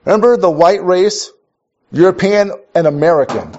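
In a dull lo-fi recording, a man from Minnesota gives a conversational sermon at a moderate pace, his voice sitting high with a darkish tone and lively intonation. He tells stories wryly and keeps restarting sentences.

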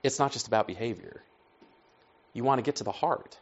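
A man preaching a sermon in a conversational storytelling way, acting out dialogue and dropping to soft asides. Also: medium pitch, expressive, a little fast, creaky, husky, dull audio.

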